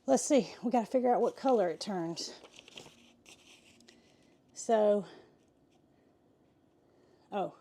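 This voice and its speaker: A middle-aged woman, chatting excitedly to viewers in a vlog while walking in a pasture, a little out of breath. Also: mid-range voice, slow pace, long pauses. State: slightly out of breath. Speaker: farm vlogger. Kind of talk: casual vlog narration. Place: outdoors in a pasture.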